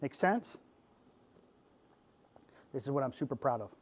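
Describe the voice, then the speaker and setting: A middle-aged Pennsylvania man who hosts a podcast gives a lively classroom talk at an unhurried pace in a medium-pitched voice. He's goofy and animated, often checking in with "okay?"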